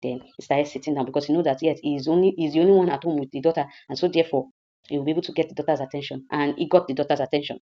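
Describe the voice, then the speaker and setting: A woman's voice: low-pitched, fairly even intonation, very fast, mellow, lo-fi sound. A woman with a Nigerian accent casually retelling a film's plot, repeating herself and asking the listener rhetorical questions. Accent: Nigerian English. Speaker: movie reviewer.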